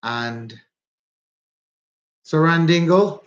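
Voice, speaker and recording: A man's voice: a little high, extremely slow, lo-fi sound. A man with a Jamaican accent hosting a casual livestream while out walking. He chats, repeats himself and greets viewers by name. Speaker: livestream host. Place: walking outdoors.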